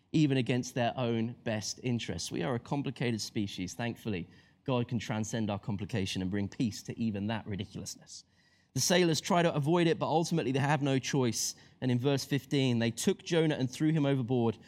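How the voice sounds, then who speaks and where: A man preaching a sermon, telling a Bible story with animated asides and acting out the voices of its characters. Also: medium pitch. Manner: animated storytelling, acts out voices of biblical figures.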